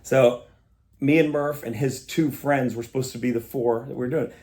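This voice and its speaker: A man as a podcast guest, telling stories in a casual, animated way and acting out the dialogue. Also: medium pitch, moderate pace. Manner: animated storyteller, acts out quoted dialogue. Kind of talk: casual storytelling chat.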